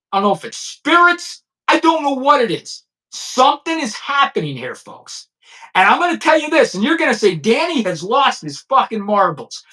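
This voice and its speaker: A man's voice: extremely high pitch, sharp tone. A man, a former police chief, ranting blunt and profane commentary straight to his viewers.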